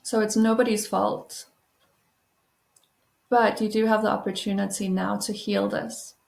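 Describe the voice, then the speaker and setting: A woman speaks softly and soothingly, guiding the listener through slow, deep breaths. Her mid-pitched voice has a gravelly edge of vocal fry. The room around her rings with a noticeable echo. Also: flat delivery. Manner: soft, soothing, reassuring. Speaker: trauma-informed healing coach. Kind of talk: gentle guided breathing and self-help talk.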